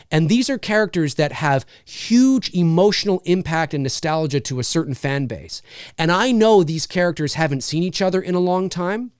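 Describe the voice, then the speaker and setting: Animated man giving an off-the-cuff film review. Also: high voice, dry recording, clean studio sound. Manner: thinks aloud with frequent restarts. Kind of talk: unscripted spoken film review.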